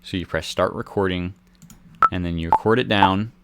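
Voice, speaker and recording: A young man walking beginners through music software in a casual, rambling way, joking about himself as he goes. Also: sits low, moderate pace, heavy background noise. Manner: relaxed, rambling, self-deprecating. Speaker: music software tutorial host. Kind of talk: casual screen-recorded tutorial. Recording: faint music from the software behind. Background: faint music track.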